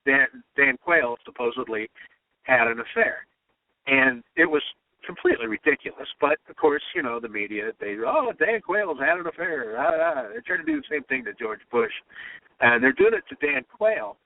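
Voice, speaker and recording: Mid-range in pitch but swinging widely, this comedy writer's gravelly voice moves at normal speed. He shares anecdotes in an interview and imitates those he quotes while discussing his political humor, over a tinny phone line with no echo.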